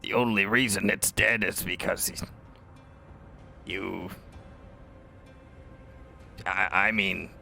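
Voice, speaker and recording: A man playing a tabletop game, speaking hesitantly with many halting starts. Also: sits low, fairly even intonation, vocal fry, bright, forceful tone, soft background music. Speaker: player. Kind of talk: casual tabletop play.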